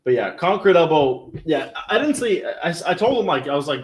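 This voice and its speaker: A man's voice: on the high side, big pitch swings, moderate pace, hardly any pauses. A young man hosting a livestream in rambling, chatty talk, laughing easily. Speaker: livestream host. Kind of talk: casual livestream chat.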